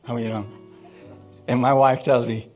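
A man preaches a lively sermon with a voice of middle pitch. Soft instrumental music plays faintly behind him. He punctuates his points with repeated questions to the congregation. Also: normal speed, highs cut off. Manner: call-and-response preaching with frequent asides; animated, swings between loud emphasis and soft asides. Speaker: pastor.

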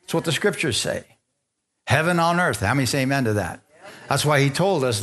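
A man's voice: medium pitch, quick pace. A man preaching a sermon, calling for amens and hallelujahs from his congregation. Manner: lively, call-and-response preaching with frequent amens. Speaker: pastor.

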